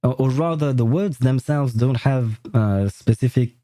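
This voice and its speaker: A game streamer whose first language is French rambles casually on his livestream, laughing often. His voice is mid-range and warm, and he speaks at a measured pace.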